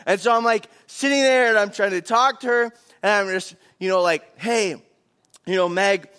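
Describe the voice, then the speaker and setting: Man, pastor, sermon story, high-pitched, animated. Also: brisk, clean tone. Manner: animated, acts out quotes.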